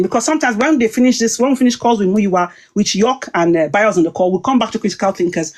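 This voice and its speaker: A woman's voice: medium pitch, lively intonation, fast talker, hardly any pauses, a little mellow. A middle-aged woman, telling a heated personal story as a talk show guest, emphatic and indignant, repeating herself.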